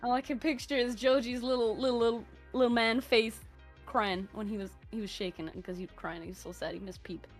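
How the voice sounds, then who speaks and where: A woman's voice: on the high side, steady tone, brisk, soft background music. An Irish woman from Ireland giving a joking eulogy on a stream over a voice call, swearing a lot and breaking into laughter. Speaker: guest speaker. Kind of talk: mock eulogy, casual stream chat. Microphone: voice call from home.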